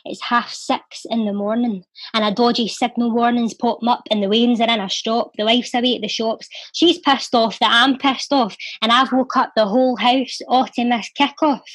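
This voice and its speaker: A woman's voice: a little high, no room sound. Young Glaswegian woman, dry close sound. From Scotland. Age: young adult. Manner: rhythmic, lilting poetry recital. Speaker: poet and charity volunteer. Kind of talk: casual chat and poetry reading.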